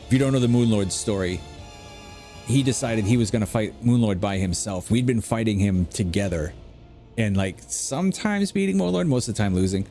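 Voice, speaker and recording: A man's voice: on the low side, animated, normal speed, dark tone. A middle-aged man chatting casually while playing a game, rambling through anecdotes with lots of fillers. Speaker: gameplay streamer. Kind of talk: casual gameplay commentary. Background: faint background music.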